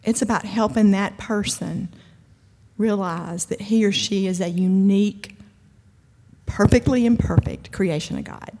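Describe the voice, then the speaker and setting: A woman's voice: mid-range voice, measured pace, mellow. A woman giving a conversational, emphatic sermon-style talk at a church event, with humor and frequent asides. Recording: long hall reverb.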